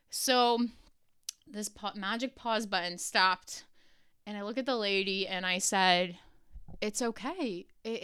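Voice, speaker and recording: A woman hosting a podcast, telling a personal story in an animated way, laughing often and swearing casually. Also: a little high, clean tone, no echo, clean studio sound. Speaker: podcast host.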